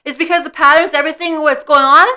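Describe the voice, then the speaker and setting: Woman, fifties, vlogger; high, bright voice; earnest, repetitive, keeps asking "okay?". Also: fairly even intonation, fast. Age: 50s. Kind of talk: casual spiritual vlog talk. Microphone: personal mic.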